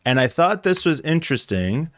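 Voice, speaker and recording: A man's voice: on the high side, big pitch swings, normal speed, no room sound. A man co-hosting a casual tech podcast, walking through news stories with dry, teasing banter. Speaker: podcast co-host. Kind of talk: casual chat.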